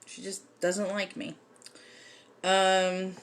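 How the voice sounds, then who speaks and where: A woman hosts a casual livestream lesson on folk magic, speaking in a chatty way with many "um" fillers. Her medium-pitched voice is monotone and extremely slow.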